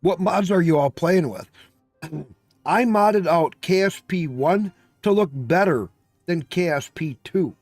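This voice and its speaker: A man's voice: fairly high pitch, takes it slowly, a little mellow, dry recording, studio quality, faint music behind. A man chatting casually on a live stream, emphatic and profane, ranting with exasperation.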